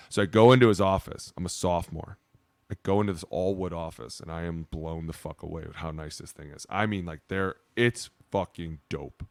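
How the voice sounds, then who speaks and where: A man in his thirties, a podcast co-host telling stories in a loose, profane, animated way. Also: sits low, brisk, gravelly, no room sound. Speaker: podcast co-host, former player. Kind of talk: casual storytelling chat.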